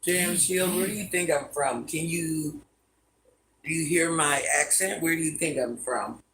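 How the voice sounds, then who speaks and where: Her voice sits low and a bit bright, unhurried, with slight noise in the background. She's a woman in her fifties running a livestream from home, reading each viewer comment out loud and responding easily.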